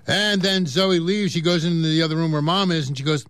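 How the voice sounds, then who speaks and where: Male reader of news and comic strips, casual, with offhand asides, higher voice, dry close sound. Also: steady tone, brisk, fairly bright tone, smooth, dry recording. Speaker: newspaper reader. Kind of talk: reading news and comics aloud.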